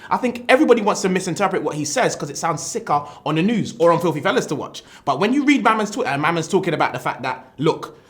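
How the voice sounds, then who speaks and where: A man ranting sarcastically about football in a casual chat, quick and lively. His pitch is fairly high and swings widely. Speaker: podcast co-host. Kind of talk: casual banter among friends.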